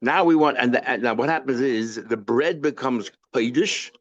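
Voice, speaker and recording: A rabbi works through a page of Talmud at a moderate pace, speaking in a medium-pitched male voice with lo-fi sound. His informal lecture is built around questions he answers himself, with Hebrew and Yiddish terms mixed into the English.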